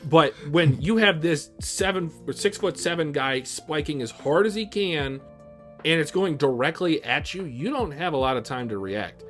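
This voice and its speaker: A man's voice: a little high, expressive, normal speed, fairly bright tone, faint music behind. A man co-hosting an anime reaction talk, laying out his points at length. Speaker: co-host of anime reaction channel. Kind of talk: casual chat.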